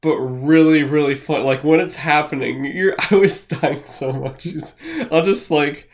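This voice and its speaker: A man co-hosting a podcast, chatting casually in a rambling, excitable way with plenty of swearing. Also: on the high side, a little slow. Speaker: podcast co-host. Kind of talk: casual chat.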